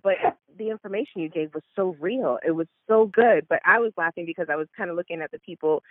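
A woman's voice: on the low side, quick pace, dry recording, narrow, tinny audio. A woman hosting a podcast, introducing her guest with gushing, enthusiastic praise. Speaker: podcast host. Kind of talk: podcast interview.

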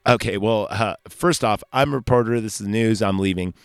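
Brash dismissive female reporter voiced by a man, deep-ish, dry sound. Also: a little fast, gravelly, smooth, no echo, faint music behind. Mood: blunt. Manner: blunt, dismissive.

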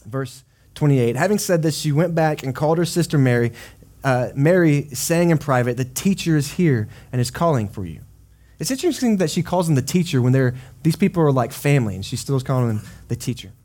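A male pastor whose voice sits on the higher side for a man. He preaches through scripture in a relaxed, chatty way, adding casual asides. He acts out the voices of the people he quotes. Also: fairly quick. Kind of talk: sermon. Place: church service.

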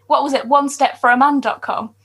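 A young woman co-hosting a podcast, chatty and quick as she recaps an episode with laughs. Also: high-pitched, fairly even intonation, a bit bright. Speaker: podcast co-host. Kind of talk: casual chat.

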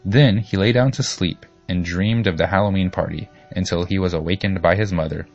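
A man narrating a children's storybook in a steady, expressive reading. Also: low-pitched, fairly quick, dull audio, soft background music.

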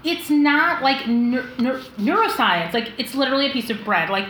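A woman's voice: sits high, animated, moderate pace, a bit bright. A woman hosting a casual podcast chat over a meal in a restaurant, chatty and laughing often, saying "like" a lot. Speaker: podcast host, bakery owner. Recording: echoey room with faint background noise.

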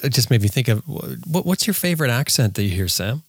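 A man's voice: mid-range voice, big pitch swings, fast talker, dry recording. A man hosting a podcast chat, playful and teasing as he steers the talk. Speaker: host. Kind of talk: casual group chat on a podcast.

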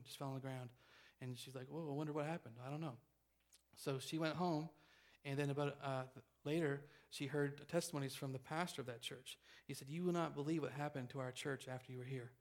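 A man preaches to his congregation, racing through an anecdote at a brisk clip. His voice sits in a middle register, and he restarts phrases as he rushes ahead. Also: mid-range voice. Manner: fast, animated storytelling with restarts. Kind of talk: sermon storytelling.

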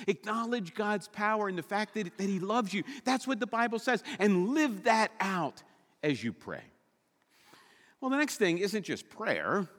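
A male pastor preaching a sermon with animated, humorous storytelling. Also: high voice, in a large hall.

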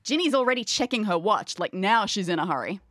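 A woman narrating a tabletop game as game master in the second person, lively and wry. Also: medium pitch, quick pace, dry recording, clean studio sound.

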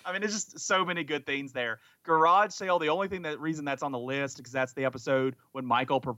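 A man's voice: on the high side, fast, sharp tone, dry recording. A man co-hosting a casual podcast chat, talking enthusiastically and rambling with frequent restarts. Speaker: podcast co-host.

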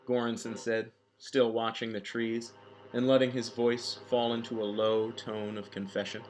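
A man narrating a story in a measured, scripted style. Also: on the low side, level tone, soft background music. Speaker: audiobook narrator.

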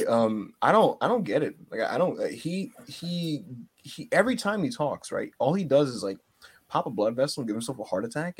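A man co-hosting a podcast, talking casually and animatedly, sometimes mocking shouted promos in a high strained voice. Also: slightly rough. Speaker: podcast co-host. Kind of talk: casual chat.

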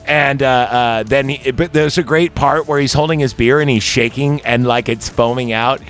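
A man casually recapping a slasher movie on a podcast, rambling and swearing, slipping into high quoted voices. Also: normal speed, a bit bright, soft background music. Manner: profane, rambling, jumps into squeaky quoted voices. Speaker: podcast host.

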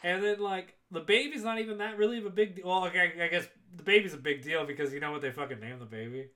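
A young man casually recapping a movie on a podcast, swearing a lot and laughing through animated retellings. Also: high-pitched, fast. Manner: profane, laughing, animated retelling with quoted voices. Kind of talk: casual chat.

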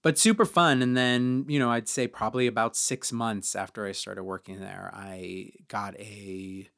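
With a steady, fairly bright voice marked by vocal fry, this male podcast co-host speaks at a measured pace while sharing a personal story. He's chatty and uses lots of fillers, acting out quotes in higher voices.

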